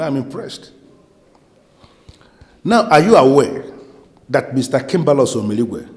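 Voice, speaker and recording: A man's voice: medium pitch, a little mellow, lightly acted. A man with a Nigerian English accent playing a stern police officer who interrogates a witness in formal, threatening tones.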